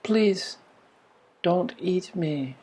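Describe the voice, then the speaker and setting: A man quietly voicing a young male cow that pleads softly and slowly not to be eaten. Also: high-pitched, animated, husky, full character voice. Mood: pleading. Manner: soft, slow, pleading.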